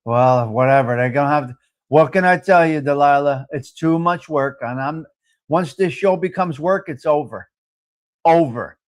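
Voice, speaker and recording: A middle-aged man with a voice on the high side speaks at a normal pace. He hosts a live coffee chat stream, addressing viewers bluntly while joking and swearing freely.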